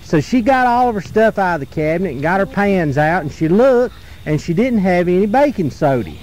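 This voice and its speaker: A folksy man spins a tall tale around an outdoor campfire. His high, lively voice swoops up and down as he draws out the repeated lines. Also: poor audio. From North Carolina. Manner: folksy, repetitive, drawn-out storytelling. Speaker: storyteller.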